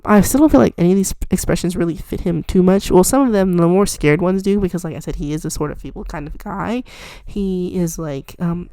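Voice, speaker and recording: A young woman talks casually as she draws, wandering from thought to thought with plenty of ums and likes. Her voice sits low with a gravelly fry. It is recorded close and dry, with no room sound. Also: warm tone, no echo. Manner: rambling, self-deprecating, many fillers. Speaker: art vlogger. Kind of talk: casual chat while drawing.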